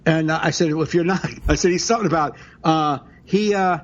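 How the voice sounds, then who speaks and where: A man's voice: a little high, brisk, highs cut off. A man co-hosting a comedy podcast, telling profane stories and laughing between lines. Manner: crude, laughing storyteller. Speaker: comedian co-host. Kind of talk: casual podcast chat.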